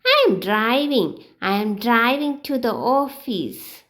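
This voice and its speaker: A woman teaching beginners, reading short example sentences one by one in a slow, clear, sing-song way. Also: on the high side, expressive, a bit bright. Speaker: English teacher.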